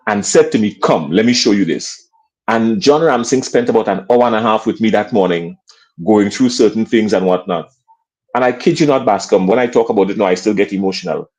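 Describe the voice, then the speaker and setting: A man's voice: on the low side, low-quality recording. A man in his fifties with a Grenadian accent, a sports commentator telling stories as a guest on a talk show. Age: 50s. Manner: lively storyteller acting out quoted voices. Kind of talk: animated storytelling in an interview.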